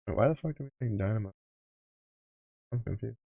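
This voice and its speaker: Deep gravelly Texan man. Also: normal speed, no room sound, muffled recording. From Texas. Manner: rambling, swears often. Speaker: streamer. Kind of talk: casual chat.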